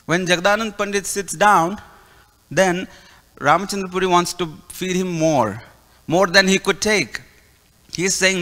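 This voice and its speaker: A male preacher tells a devotional story with animation, voicing each character as he goes. His voice is bright and somewhat high. It carries a long reverb in a temple hall. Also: unhurried, long pauses. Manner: animated, acts out dialogue. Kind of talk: storytelling sermon.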